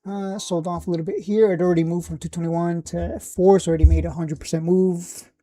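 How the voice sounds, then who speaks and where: A woman hosting a casual stock live stream, thinking aloud with lots of fillers and blunt asides, a little hoarse from losing her voice. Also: fairly low pitch, fairly even intonation, fairly quick, dark tone. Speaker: stock livestream host.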